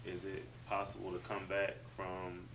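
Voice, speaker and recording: A man's voice: sits low, monotone, moderate pace. A man asking questions of a religious leader in a hesitant, deferential way, with fillers and restarts. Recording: distant mic with loud background noise.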